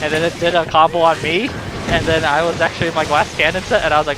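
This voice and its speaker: A man's voice: on the high side, fairly even intonation, quick pace, noisy background. A man streaming, chatting casually and explaining game tactics, swearing now and then. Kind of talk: casual chat while gaming.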